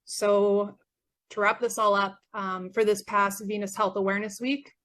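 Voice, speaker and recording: Young woman from Canada, mid-range pitch, earnest grateful testimonial, voice a bit worn. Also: flat delivery, normal speed, fairly bright tone. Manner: earnest, grateful, with frequent fillers. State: losing her voice. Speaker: former patient. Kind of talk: personal testimonial.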